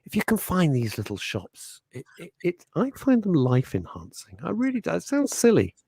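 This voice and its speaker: A man co-hosting a radio talk show, telling rambling anecdotes in a chatty, lively way. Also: high-pitched, moderate pace, gravelly, slightly rough, no echo. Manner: chatty, anecdotal, lively storytelling with put-on quote voices. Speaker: radio co-host. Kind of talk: casual radio chat.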